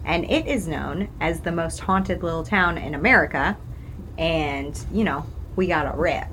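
Lady from illinois cohosting a podcast, teasing and chatty, a bit low-pitched. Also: normal speed, a bit bright, slight background noise, poor audio. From Alton, Illinois. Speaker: podcast co-host. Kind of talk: casual chat.

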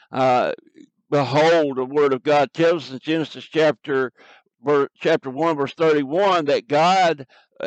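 A man's voice: mid-range voice, no echo, rough recording. A man preaching a sermon and reading scripture aloud, earnest, with frequent fillers and repeated words.

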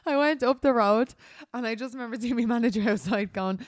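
A woman's voice: medium pitch, fairly even intonation, quick pace, hardly any pauses, dry recording. A woman in her thirties with an Irish accent, co-hosting a podcast and telling stories animatedly, acting out voices and laughing often. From Ireland. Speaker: podcast co-host. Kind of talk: casual chat.

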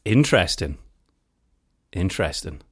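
A man co-hosting a podcast, running a lyrics quiz in a playful, casual way and reading lines out deadpan. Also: low voice, a little slow, breathy edge, no room sound, studio quality. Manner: playful, reads lyrics aloud in a flat deadpan way. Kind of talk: casual chat.

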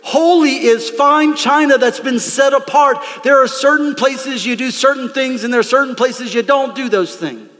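A man preaching a lively, conversational sermon from a church stage, calling out to the congregation. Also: very high voice, normal speed, few pauses, long reverb tail. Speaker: pastor. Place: church sanctuary.

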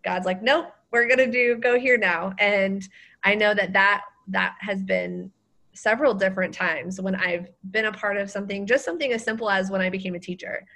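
Gravelly-voiced woman hosting a podcast. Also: medium pitch, fairly even intonation, brisk, sharp tone. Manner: encouraging, reflective. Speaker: podcast host. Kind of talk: conversational interview.

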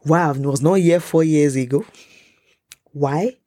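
A Nigerian woman hosting a casual solo podcast, animated and often dropping into a whisper. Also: deep voice, a little slow, dry recording, clean studio sound. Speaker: podcast host. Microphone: close podcast mic.

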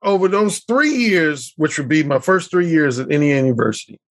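A man's voice: fairly high pitch, lively intonation, brisk. A middle-aged man, a podcast guest, telling stories vividly and acting out the dialogue. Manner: vivid storyteller who acts out quoted dialogue. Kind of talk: storytelling in conversation.

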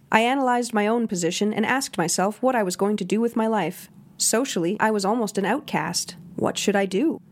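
Woman reading a memoir, measured. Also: medium pitch. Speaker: audiobook narrator. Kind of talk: scripted memoir narration.

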